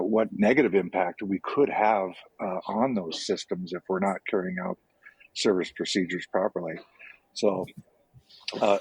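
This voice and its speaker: A man's voice: lowish voice, breathy edge, no room sound, poor audio. A man who runs a repair shop, speaking conversationally on an industry panel. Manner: conversational, with many fillers. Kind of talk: panel discussion.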